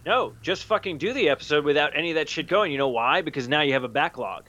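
A man on a casual podcast, cheering on a friend in an emphatic, profane rush. His voice sits a bit high and sounds bright and forceful. It is an unscripted, chatty delivery. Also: animated, quick pace, dry recording, dull audio. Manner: emphatic, profane pep-talking. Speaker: podcast co-host.

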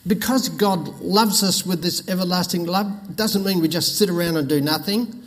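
A man's voice: sits high, normal speed. An older man, preaching a sermon with folksy stories and jokes. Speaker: pastor. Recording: long reverb in a hall.

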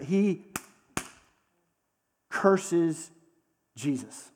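A man preaching a sermon in a conversational storytelling manner, slowing down for dramatic pauses. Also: on the high side, big-room sound. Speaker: pastor.

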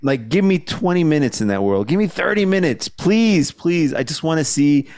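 A man's voice: fairly high pitch, animated, moderate pace, a little mellow, no echo. Young male podcast co-host, easygoing, laughs a lot, dry room. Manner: laid-back, laughs often, swears. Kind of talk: casual chat.

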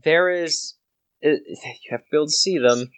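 A man narrating a tabletop game as game master, descriptive and unhurried with frequent restarts. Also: on the high side, fairly bright tone, smooth.

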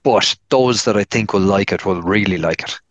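A man's voice: fairly low pitch, normal speed, dry recording. A man with an Irish accent, chatting casually as co-host of a film review podcast; he rambles, restarts often and acts out his own thoughts in quoted asides.

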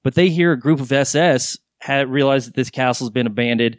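A man's voice: mid-range voice, brisk, no echo. A man hosting a podcast, telling long candid stories in casual chat, with some swearing. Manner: rambling, candid storyteller with swearing. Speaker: podcast host.

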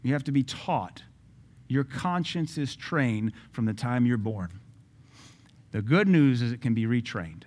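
A man's voice: medium pitch, expressive, a little slow, a little mellow. A man with an ordinary mid-range voice delivers social commentary from a Christian standpoint. He talks emphatically, stacking rhetorical questions and repeating phrases for effect.

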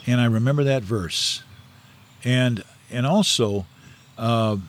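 A middle-aged man, a guest in a casual storytelling interview, rambles through anecdotes with many fillers and restarts. His voice is medium-pitched and slow.

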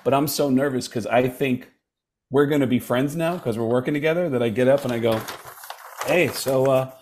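A man, a guest comedian, telling casual stories with lots of quick voices and laughs. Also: medium pitch. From United States. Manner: animated, does quick voices mid-story, laughs through anecdotes. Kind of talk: casual storytelling.

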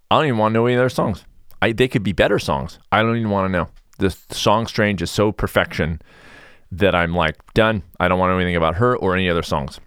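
Mellow, sarcastic male podcast host. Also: sits low, no room sound, clean studio sound. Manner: chatty, rambling, sarcastic. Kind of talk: casual podcast monologue.

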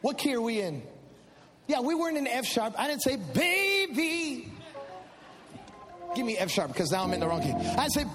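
A man preaching a sermon testimony, swinging from hushed prayer to loud, impassioned shouting. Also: very high voice, sing-song, normal speed, pauses often, long reverb tail, faint music behind, rough recording. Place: church.

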